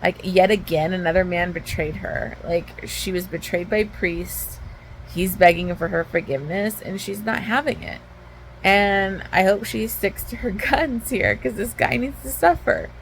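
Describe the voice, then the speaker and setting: A woman's voice: mid-range voice, a little slow, slight background noise, low-quality recording. A woman book vlogger at home, giving a candid, heated retelling of a novel in a casual reading vlog, with lots of "like.".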